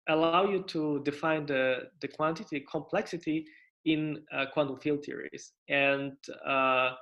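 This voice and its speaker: A man giving an online conference lecture on physics, talking in a halting way with many restarts and fillers and inviting questions. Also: on the high side, steady tone, a bit bright, dull audio. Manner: asks for questions and interruptions. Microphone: computer mic on video call.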